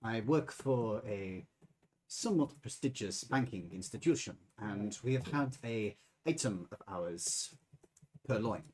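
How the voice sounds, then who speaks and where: A man's voice: fairly low pitch, expressive, unhurried, darkish tone, a little hiss or hum, voice pushed down. A man doing a scheming German banker. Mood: formal. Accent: put-on German accent, drifting. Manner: formal, hesitant, discreet.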